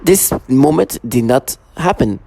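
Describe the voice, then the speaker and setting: A man talking to camera in a rambling personal monologue, halting often, restarting his sentences and leaning on repeated fillers. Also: medium pitch, lively intonation, creaky, mellow. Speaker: vlogger.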